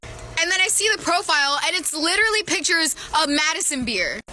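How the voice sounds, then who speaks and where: A woman's voice: very high-pitched, expressive, a little fast, sharp tone, a little hiss or hum. A woman telling a funny story in a brash, casual way, with swearing and laughter.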